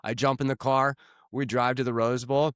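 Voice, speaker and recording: A man from the United States co-hosts a podcast in a relaxed, joking way, swearing freely as he tells stories. His voice sits mid-range for a man. The recording is dry and close, with no room sound. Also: mid-range voice, moderate pace, smooth, no echo. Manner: joking, profane storyteller. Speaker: podcast co-host. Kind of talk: casual chat.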